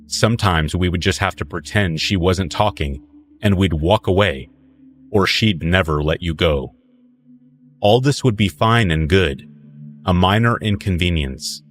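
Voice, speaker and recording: A man from northern New Mexico telling a horror story in a calm, deliberate scripted narration. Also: low voice, soft background music.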